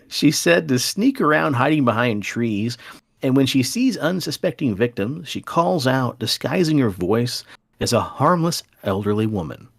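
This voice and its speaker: A man's voice: mid-range voice, lively intonation, measured pace, creaky. A man hosting a podcast, telling folklore tales in a playful, dramatic way. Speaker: podcast host. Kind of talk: storytelling podcast chat.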